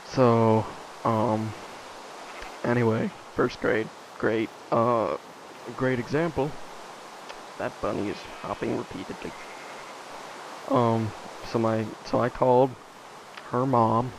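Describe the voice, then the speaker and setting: A man's voice: mid-range voice, fairly even intonation, takes it slowly, creaky, long pauses, slight background noise, low-quality recording. A man vlogging alone, telling stories in a casual, rambling way full of fillers and asides. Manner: rambling, many fillers, self-interrupting asides.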